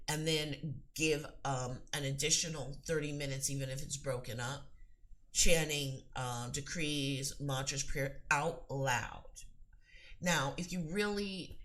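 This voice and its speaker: A woman's voice: very deep voice, a bit bright. A woman speaking earnestly and emphatically as a psychic teacher, giving spiritual advice in a rambling monologue with frequent restarts.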